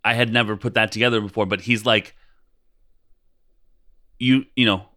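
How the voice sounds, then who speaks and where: A man co-hosting a podcast in casual chat, often giving short agreements and retelling scenes briskly. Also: lowish voice, fairly even intonation, bright, forceful tone. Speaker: podcast co-host.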